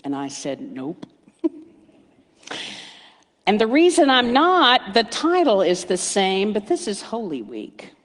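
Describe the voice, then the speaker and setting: A middle-aged woman minister giving a sermon, storytelling warmly with playful asides and hushed emphasis. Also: medium pitch, huge pitch swings, takes it slowly, pauses often. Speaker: guest speaker minister. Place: church sanctuary. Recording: reverberant hall.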